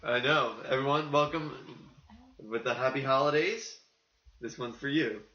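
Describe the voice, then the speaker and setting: A man co-hosting a casual podcast chat, chatty and quick to jump in and riff. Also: medium pitch, pushed and bright. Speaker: podcast co-host. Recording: roomy, dull lo-fi sound with faint noise.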